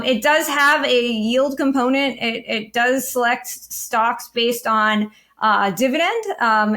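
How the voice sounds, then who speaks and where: A woman's voice: fairly high pitch, a bit bright. A woman judging on a panel, giving matter-of-fact analysis in a casual discussion, with frequent ums and uhs. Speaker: guest judge analyzing funds.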